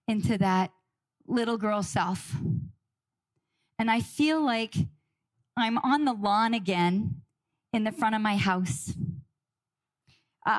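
A middle-aged woman telling a personal story with dramatic pauses and emotion. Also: a little high. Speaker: guest speaker.

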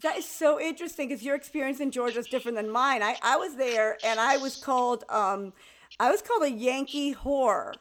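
A woman from Miami with a Miami accent, a Spanish native speaker, hosting a casual interview in an animated, questioning way. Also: high voice, fairly quick.

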